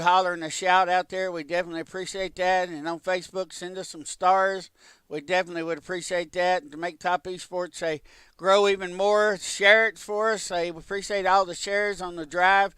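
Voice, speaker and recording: High-voiced folksy race announcer. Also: male voice, smooth, no room sound. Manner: folksy, excitable, rambling with many fillers. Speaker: race commentator host. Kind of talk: live sim racing play-by-play.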